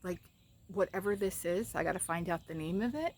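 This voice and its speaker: A woman's voice: brisk, a little mellow, a little hiss or hum. A woman chatting casually to her viewers while outdoors in her yard, filmed on a camera on a tripod, with birds chirping behind her. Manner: chatty, addresses viewers, calls her pet in a high sing-song. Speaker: vlogger. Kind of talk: casual vlog chat.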